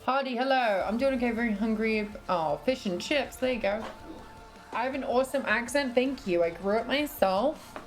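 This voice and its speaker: A young British woman, her accent softened by years in America, chatting casually on a livestream and reading out her chat. She giggles a lot, swears freely and coos at her dog. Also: on the high side, normal speed, faint music behind. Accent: British, partly American after years in the US. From Britain.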